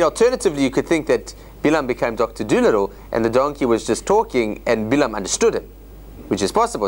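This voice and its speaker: A man teaching a Torah study class as a rabbi, explaining scripture in an animated way with joking asides. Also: medium pitch, a little hiss or hum. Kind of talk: informal Bible lecture.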